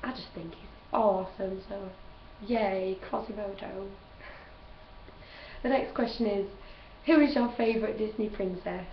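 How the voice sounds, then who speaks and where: A woman's voice: medium pitch, fairly even intonation, measured pace, a little hiss or hum. A young woman vlogging in a chatty, gushing way and laughing often as she answers questions. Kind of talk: casual chat. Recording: roomy, distant, dull home recording.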